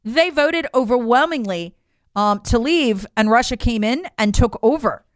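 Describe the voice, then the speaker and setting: Leaning on rhetorical questions, an American political commentator gives emphatic, incredulous opinions. She speaks a little slowly in an expressive, high-leaning voice, recorded at studio quality with no echo.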